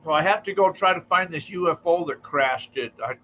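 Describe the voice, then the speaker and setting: A man's voice: on the high side, brisk, pushed and bright, highs cut off, slight background noise. A man hosting a radio talk show, easygoing and hesitant, often repeating words. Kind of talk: casual chat.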